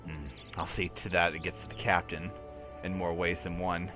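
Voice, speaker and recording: A man voicing a calm, formal quest-giver from a video game in a measured, solemn way, a little lower than his own voice. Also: music in the background, natural voice.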